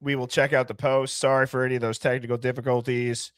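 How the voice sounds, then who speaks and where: A man's voice: mid-range voice, flat delivery, fast talker, clear, resonant tone, no echo, clean studio sound. A man hosting a live call-in stream, chatting casually and joking with callers, laughing often. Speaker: host of a live call-in show.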